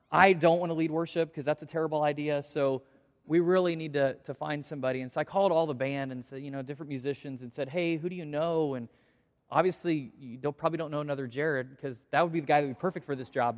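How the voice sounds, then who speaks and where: A man serving as pastor tells his congregation an emotional story, stumbling and restarting as he goes. His voice sits a little high for a man. A long reverb from the church auditorium trails after every phrase. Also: fast. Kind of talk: prayer and church announcement.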